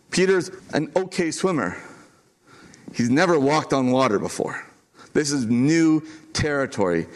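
With a mid-range voice, a man preaches to his church as its pastor, speaking earnestly and with emphasis while repeating important lines and pausing for drama.

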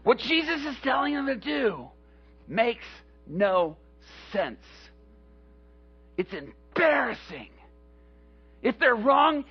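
A man preaching a sermon, retelling a Bible story in an animated, dramatic way, on a dull lo-fi recording. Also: extremely high pitch, slow pace, slightly rough.

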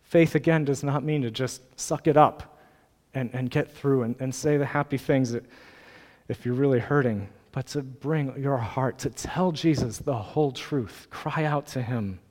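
Male pastor, mid-pitched, earnest and gently pleading sermon delivery, long hall reverb. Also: a little slow.

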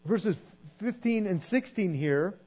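High-voiced man preaching earnestly. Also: animated, takes it slowly, breathy edge. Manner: earnest, conversational preaching with frequent repeated words. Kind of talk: sermon. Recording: dull lo-fi recording with mains hum.

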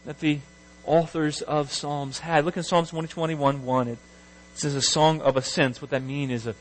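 A man preaching a sermon as pastor, reading scripture aloud with rising emphasis and an expressive delivery. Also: a little high, normal speed, low-quality recording.

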